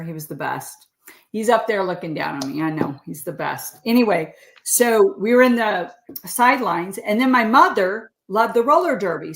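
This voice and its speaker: Chatty sixty-year-old woman, roomy sound. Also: mid-range voice. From California. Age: 60s. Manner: chatty storyteller who laughs often. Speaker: podcast guest. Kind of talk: casual interview chat.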